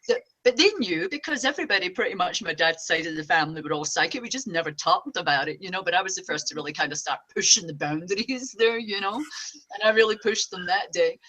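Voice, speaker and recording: A woman talks as a psychic medium being interviewed, chatty and full of animation. Her voice sits a little low for a woman. It carries a bright, forceful edge. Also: animated, quick pace. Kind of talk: casual interview chat.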